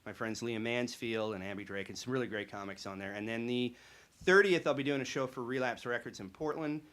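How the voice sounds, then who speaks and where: A male comedian at a live show, talking with an animated storyteller's energy. His voice sits at an everyday middle pitch. He drifts easily between chat and acted-out bits. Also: brisk. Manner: animated storytelling, acting out characters in quotes. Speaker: stand-up comedian. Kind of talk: stand-up set then interview chat.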